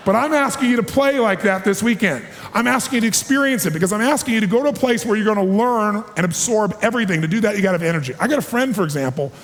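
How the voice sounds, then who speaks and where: A man in his forties giving an energetic, emphatic seminar talk to a live audience, calling for responses. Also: high-pitched. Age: 40s. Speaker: motivational speaker. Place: large hall with a live audience. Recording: long hall reverb.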